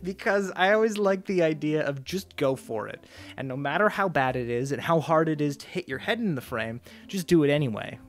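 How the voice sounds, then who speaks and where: A man's voice: a little high, lively intonation, brisk. Chatty, self-mocking young man. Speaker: YouTuber. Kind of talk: casual commentary reacting to his old videos.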